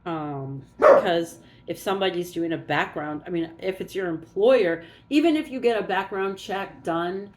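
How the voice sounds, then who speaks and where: A woman's voice: fairly low pitch, moderate pace, hardly any pauses. A woman doing a casual oracle card reading, musing aloud and thinking as she goes.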